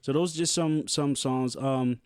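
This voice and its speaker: A man's voice: mid-range voice, fairly even intonation, unhurried, a little mellow, clean tone, no echo, studio quality. A man hosting a podcast in casual chat, laid-back and slangy, with many fillers and restarts. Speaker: podcast host.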